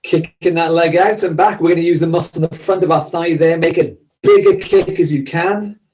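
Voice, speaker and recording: A man's voice: a little high, lively intonation, brisk, a little mellow, rough recording. A man instructing a seated exercise class, giving friendly, encouraging, step-by-step cues. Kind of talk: leading a seated workout class.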